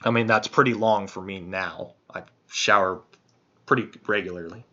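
A man with a bright, forceful voice tells a long personal story in loose, profane podcast chat. He rambles and circles back while he thinks out loud. The sound is dull and lo-fi. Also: sits low, fairly even intonation, normal speed. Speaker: podcast host.

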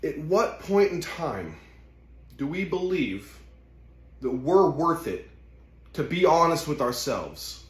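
A man's voice: a little high, very animated, takes it slowly, pauses often, roomy sound. A man giving an impassioned, profane motivational monologue, speaking intensely and swearing heavily.

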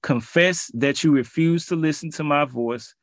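A man preaches and reads scripture aloud, pleading with listeners and rising to emphatic peaks, with informal, colloquial asides mixed in. His voice is fairly high and a little slow, recorded in studio quality with no echo.

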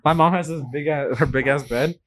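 A young man co-hosts a casual podcast, his voice a little high and brisk. He tells stories animatedly and laughs often.

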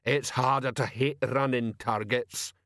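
A man voicing a huge, slow-witted male troll sergeant who speaks slowly and loudly in an audiobook reading. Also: mid-range voice, fairly even intonation, no room sound, studio quality. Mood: bellowing. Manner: slow, loud, laborious.

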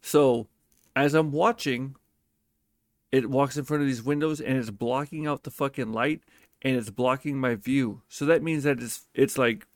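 A man spins a personal story in a loose, casual monologue, cursing freely and leaning hard on his words. His voice sits at an ordinary middle pitch. It is recorded close and dry, with no room sound. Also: no echo. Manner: profane, emphatic and animated.

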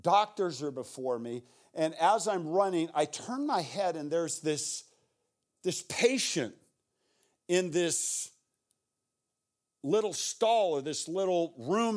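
A middle-aged man preaching as a guest speaker, telling stories in a conversational way that swings from hushed to intense. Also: fairly high pitch, animated, unhurried. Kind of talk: storytelling sermon.

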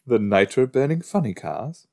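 A man's voice: medium pitch, very animated, normal speed, vocal fry, mellow. A man hosting a podcast, chatting casually while watching a TV episode, rambling with lots of "like" and "you know". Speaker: podcast host. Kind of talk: casual watch-along commentary.

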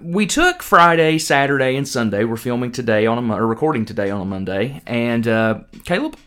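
A young man hosts a podcast in a relaxed, joking chat. His voice sits at a middle pitch and swings a great deal, rising and falling as he ribs his co-host. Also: a little fast. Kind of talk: casual chat.

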